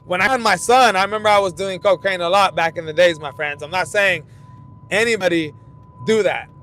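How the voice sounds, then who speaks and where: A man's voice: a little fast, a bit bright. A young man hosting a fight commentary channel, telling loose, profane stories in rambling casual talk while he drives. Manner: rambling storytelling, loose and profane, frequent restarts. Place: in a car while driving. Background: vehicle rumble.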